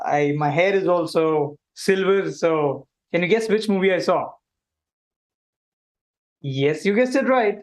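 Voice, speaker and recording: A man playing a friendly alien who hosts a kids' livestream, animated and chatty, talking straight to viewers. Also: on the high side, close to an everyday voice. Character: friendly male alien visitor hosting a kids' stream. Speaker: livestream host. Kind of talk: playful kids' livestream hosting.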